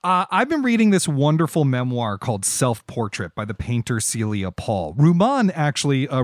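A man hosting a podcast, chatting casually and playfully with quick jokes. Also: mid-range voice, no room sound, clean studio sound. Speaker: podcast host. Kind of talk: casual chat.

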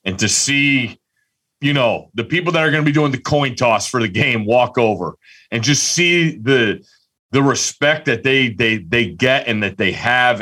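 A man co-hosting a casual sports podcast, telling a story excitedly with lots of restarts. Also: mid-range voice. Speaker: podcast co-host.

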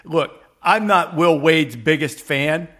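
A man's voice: on the high side, slow, pushed and bright. A man hosting a casual sports talk podcast, giving opinions with a sarcastic edge. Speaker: podcast host.

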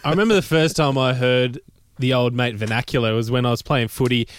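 Laughing Australian podcast co-host. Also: male voice, mid-range voice, fairly even intonation, a little fast, smooth. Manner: rambling storyteller, laughs often. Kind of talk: casual chat.

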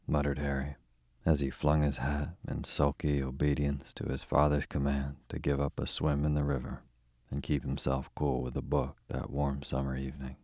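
A young man hosting and narrating a bedtime story in a slow, calm, soothing way. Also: rumbling low, no echo, studio quality.

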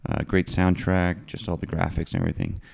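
A man hosting a casual interview podcast, talking in a relaxed, halting way with many fillers and a husky early-morning voice. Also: low-pitched. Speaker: podcast host. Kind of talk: casual interview and sponsor read.

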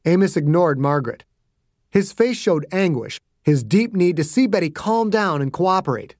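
A man's voice: high-pitched, lively intonation, moderate pace, darkish tone, no echo, studio quality. A man narrating his own fiction as a scripted audiobook with dramatic delivery. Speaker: author and narrator.

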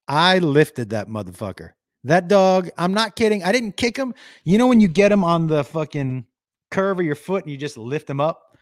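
Animated, profane man ranting on a livestream. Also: sits high, moderate pace, no echo, studio quality. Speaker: live streamer reading viewer comments. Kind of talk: casual livestream chat.

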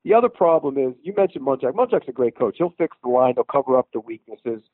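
A man's voice: medium pitch, animated, fast, breathy edge, dry recording. Man, football reporter calling in, tinny phone-line sound, dry, plain confident verdicts. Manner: matter-of-fact, confident verdicts. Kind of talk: sports analysis on a podcast. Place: at a team practice facility.

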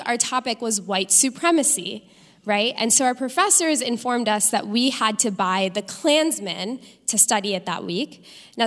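A young woman performing a live stand-up comedy set with an animated, punchy delivery in front of an audience. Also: mid-range voice. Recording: live stage recording with long hall reverb.

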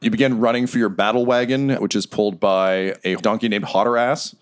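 A man's voice: fairly low pitch, fairly even intonation, a little fast. A man narrating as game master of a tabletop game, playful and laughing.

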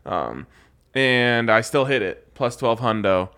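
A man's voice: medium pitch, animated, takes it slowly, pushed and bright, clear, resonant tone. Laid-back, slangy podcast co-host man. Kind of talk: casual banter.

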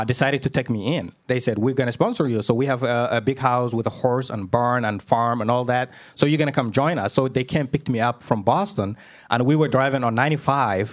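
A young man from Somalia, an author telling his story as an interview guest, with many fillers and restarts. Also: medium pitch. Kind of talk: conversational storytelling.

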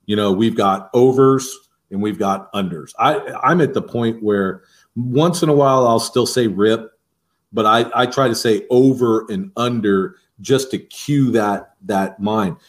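A man's voice: lowish voice, a little slow. A man who coaches defensive line, talking casually on a podcast and walking through technique step by step, often restarting his sentences.

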